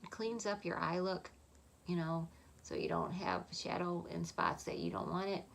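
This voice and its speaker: A woman talking through a makeup tutorial in a soft, chatty voice, often dropping to a half-whisper. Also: on the low side, moderate pace, gravelly, a little hiss or hum. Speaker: makeup vlogger.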